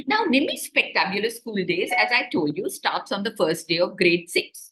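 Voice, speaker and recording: Animated woman telling a story to children. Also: medium pitch, normal speed, hardly any pauses. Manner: animated, asks the children questions. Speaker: children's author. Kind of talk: storytelling to children on a video call. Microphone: video call.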